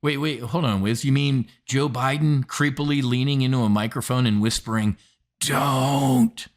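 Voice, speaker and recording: A middle-aged American man hosting a market show in a blunt, profane style. He hammers his points home and throws in sarcastic asides. His pitch sits in an ordinary middle range. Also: a little fast. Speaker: market commentary host. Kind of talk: opinionated market commentary.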